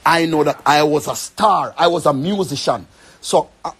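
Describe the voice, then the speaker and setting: A man's voice: on the high side, normal speed, husky. A young man with a Jamaican accent, rambling and pleading in an emotional rant to the camera. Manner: pleading, rambling, repeats himself.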